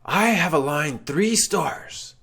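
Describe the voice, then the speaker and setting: A man voicing an ancient ghostly wraith sorcerer who declaims slowly and grandly. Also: expressive, vocal fry, a bit bright, husky, heavily acted. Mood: commanding. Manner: slow, booming, grandly declaiming.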